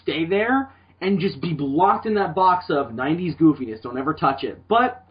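A husky man co-hosts a podcast in loose, casual chat. His pitch swings up and down as he works through ideas, and he often restarts mid-sentence. The sound is dull and lo-fi. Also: normal speed. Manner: rambling, animated, frequent restarts. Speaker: podcast co-host.

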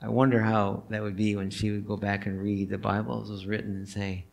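A male pastor preaching a sermon in a church, telling the story in an animated way and asking the listeners questions. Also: lowish voice, brisk, vocal fry. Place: church sanctuary.

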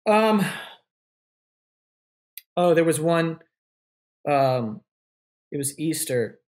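A man's voice: on the high side, lively intonation, drawn-out words, a little mellow. A young man, a podcast guest telling stories casually, swearing freely and acting out what other people said. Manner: swears freely, acts out quoted voices. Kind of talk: casual interview storytelling.

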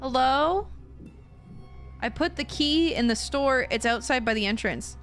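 A woman's voice: high-pitched, a little slow, pauses often, music in the background. A young woman streaming a horror game, jumpy and foul-mouthed, who often breaks into shrieking laughter. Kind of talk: live horror gameplay commentary.

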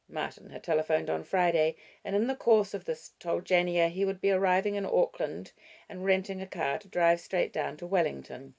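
Woman audiobook narrator; low, gravelly voice, measured and expressive. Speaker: audiobook reader. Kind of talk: scripted narration.

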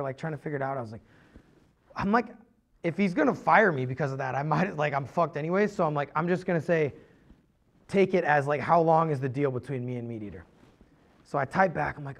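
Gravelly animated man telling a story. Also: on the high side. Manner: animated, rambling, peppered with "like". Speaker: podcast host. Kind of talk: casual storytelling.

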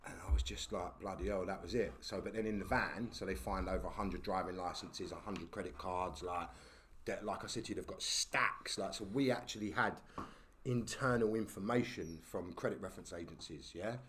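A man, a podcast guest telling stories in casual talk, animated and full of slang and tag questions. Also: sits low, normal speed, a little hiss or hum. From England. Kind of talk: casual storytelling.

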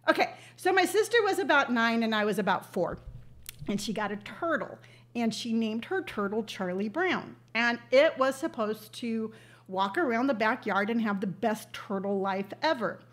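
A woman's voice: a little high, lively intonation, moderate pace. An older woman hosting a casual livestream, telling stories in a chatty, emotional way. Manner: chatty storytelling, emotional and tearful at moments. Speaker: livestream host. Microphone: webcam on a livestream.

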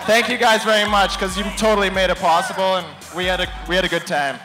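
High-voiced man cracking jokes. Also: quick pace. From Canada. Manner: goofy, deadpan joking. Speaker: award winner giving acceptance speech. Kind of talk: casual joking acceptance speech. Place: bar at an awards night.

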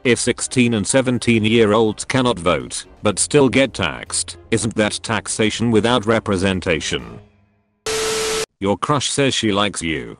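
Lively low-voiced man reading meme captions. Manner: brisk caption-by-caption reading, quick jumps between jokes. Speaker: meme compilation narrator.

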